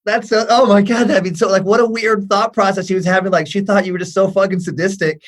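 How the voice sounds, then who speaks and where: A man's voice: high-pitched, fast. A middle-aged man, a guest comedian, telling stories in a casual podcast chat and acting out the voices in them. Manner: animated, acts out the voices in his stories.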